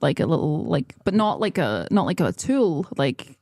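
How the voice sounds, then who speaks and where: Woman, comedy co-host, rambling banter, raspy fry, dry close sound. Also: sits low, big pitch swings, moderate pace, darkish tone, no echo. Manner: rambling, absurd non sequiturs.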